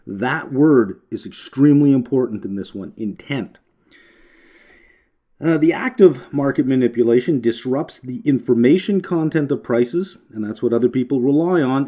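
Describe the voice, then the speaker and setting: Mellow-voiced male finance lecturer. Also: medium pitch. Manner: conversational, frequent filler words and restarts, wry asides. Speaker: finance instructor. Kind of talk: recorded lecture.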